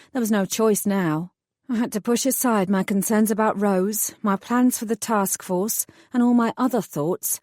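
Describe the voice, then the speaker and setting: A woman reading a first-person fantasy audiobook in a wry, measured storytelling manner. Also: medium pitch, a little mellow, no echo, studio quality. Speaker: audiobook narrator.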